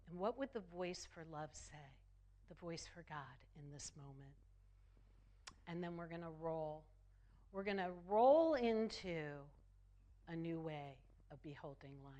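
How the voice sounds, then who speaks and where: Woman minister, sermon delivery, slow and deliberate, lowish voice, emphatic repetition. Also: a little mellow. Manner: slow, emphatic, repeats phrases for effect.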